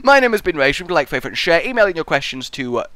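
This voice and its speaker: A man's voice: a little high, big pitch swings, very fast, sharp tone, no echo. A man hosting a casual question-and-answer vlog in a rambling, jokey way, recorded on a close desk mic. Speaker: YouTube host.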